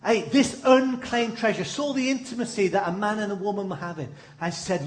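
A man preaching a sermon, telling stories with lively emphasis and dramatic pauses. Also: high voice. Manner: animated storytelling with dramatic pauses.

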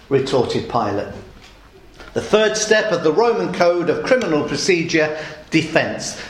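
A man's voice: on the high side, a little hiss or hum. A man preaching a sermon, dramatically acting out the quoted lines. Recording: echoey room.

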